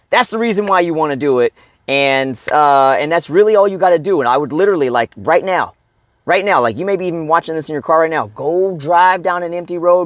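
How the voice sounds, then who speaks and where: A man coaching viewers in a blunt, profane monologue, often checking in with "okay?" and breaking into loud shouts and grunts to demonstrate. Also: on the high side, dry recording, clean studio sound. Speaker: fitness and life coach.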